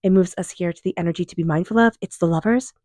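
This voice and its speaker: A woman giving a casual tarot reading, speaking in a gentle, rambling and reassuring way. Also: on the low side, quick pace, dry recording, clean studio sound. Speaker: tarot reader.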